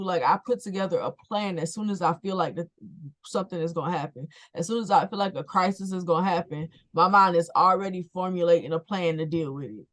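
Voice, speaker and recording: Woman co-host, young adult, lowish voice, candid and repetitive in casual podcast chat. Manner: candid, talks in plans and repeats herself.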